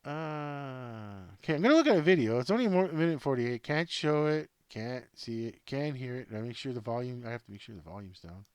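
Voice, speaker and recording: Here a man with a mid-range, expressive, smooth voice speaks fairly quickly, with no echo in the recording. Hosting his do-it-yourself sports news show, he rambles off script at his laptop, chatting casually to himself and his plush toys.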